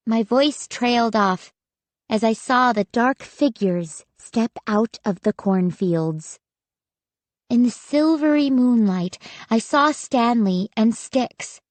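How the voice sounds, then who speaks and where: A woman narrating a spooky children's audiobook in a measured, suspenseful reading. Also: fairly high pitch, no echo. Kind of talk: scripted horror narration.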